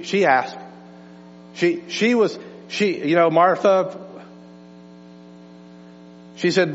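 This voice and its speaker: Pastor preaching in a reverberant church. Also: male voice, a little high. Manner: emphatic, repeats words, swings from hushed to raised. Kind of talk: sermon. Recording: dull lo-fi sound with long reverb and hum.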